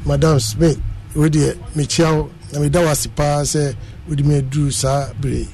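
A man with a Ghanaian accent talks in a loose, relaxed way as a guest. His voice sits a little high, with a mellow, soft tone. Faint music plays behind him. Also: moderate pace, vocal fry, low-quality recording. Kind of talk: casual radio chat.

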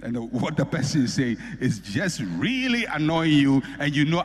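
A man preaching a sermon, repeating phrases for emphasis and swinging between loud and soft. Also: on the high side, sing-song, moderate pace, few pauses. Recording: echoey hall with long reverb.

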